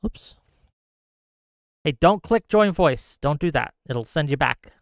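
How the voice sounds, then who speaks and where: A man's voice: fairly high pitch, lively intonation, slow pace, dry recording, clean studio sound. A man hosting a live call-in show, heated and argumentative, ranting at length.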